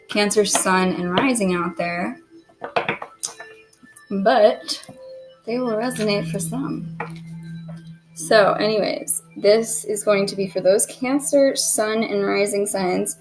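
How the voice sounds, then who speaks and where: A woman giving a casual tarot reading, chatty and self-deprecating, who keeps clearing her throat. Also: medium pitch, measured pace, pauses often, music in the background, low-quality recording. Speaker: tarot reader.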